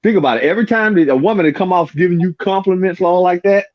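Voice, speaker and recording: Telling personal stories in a relaxed chat, a man animatedly performs the voices of the people involved. He speaks quickly in a high-pitched voice over dull lo-fi sound.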